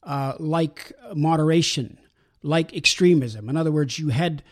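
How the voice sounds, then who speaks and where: A man calmly explaining religious ideas in a talk show discussion, pausing often with fillers. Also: fairly high pitch. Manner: measured, explanatory, with many pauses and fillers. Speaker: guest speaker explaining Islam.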